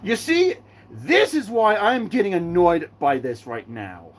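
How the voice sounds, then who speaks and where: A channel host doing a live fan Q&A, ranting excitably about characters with sudden bursts of shouting. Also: medium pitch, a little slow.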